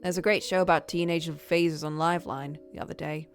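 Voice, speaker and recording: A woman's voice: low voice, fairly even intonation, a little fast, soft background music. Woman reading as a nagging older mother. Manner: gently scolding, doting. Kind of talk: reading game dialogue aloud.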